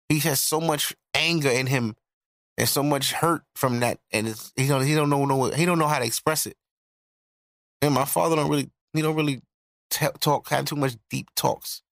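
A man's voice: medium pitch, gravelly, fairly bright tone, no echo, studio quality. Blunt man in his thirties telling a story. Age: 30s. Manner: blunt, profane, reflective. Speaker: podcast host. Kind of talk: casual storytelling.

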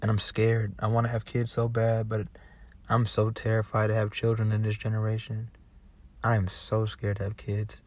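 A young man hosting a podcast, delivering an impassioned, cursing monologue that swings between yelling and quiet talk. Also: fairly low pitch, completely flat delivery, moderate pace. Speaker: podcast host.

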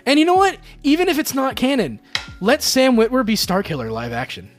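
A man co-hosting a podcast in casual chat, excitable and swearing freely, often restarting his sentences. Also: extremely high pitch, a little fast. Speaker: podcast co-host.

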